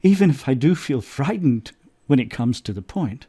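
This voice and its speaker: A man voicing an earnest, brave boy who speaks in a sincere, steady way. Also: mid-range voice, normal speed, breathy edge.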